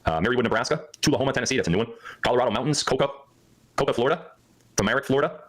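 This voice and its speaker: Hyper fast-talking man. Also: mid-range voice, poor audio. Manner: hyper, joking, laughs often. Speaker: livestream host. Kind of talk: rambling livestream chat.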